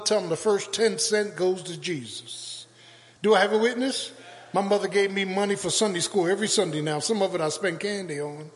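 An older male pastor preaching a sermon with call-and-response, building to shouts. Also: high voice. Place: church sanctuary. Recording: long church reverb.

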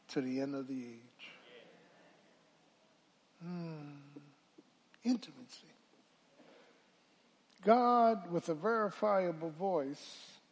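A man pastor a sermon, swinging from hushed talk to loud calls and asking the congregation to answer back. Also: fairly high pitch, husky. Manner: preaching with call-and-response, swelling from hushed to loud.

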